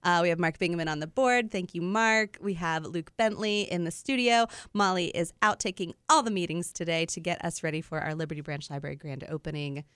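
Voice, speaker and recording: A woman's voice: on the low side, brisk, hardly any pauses, fairly bright tone, clean tone, no room sound. A woman hosting a radio show in a studio, chatting casually about books and laughing often. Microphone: studio microphone.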